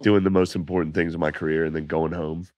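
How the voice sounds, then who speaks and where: A man telling laid-back, profane stories as a comedian guest on a podcast, his voice going hoarse. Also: a bass voice, level tone, fast talker, no room sound, muffled recording. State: losing his voice. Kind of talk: casual podcast chat.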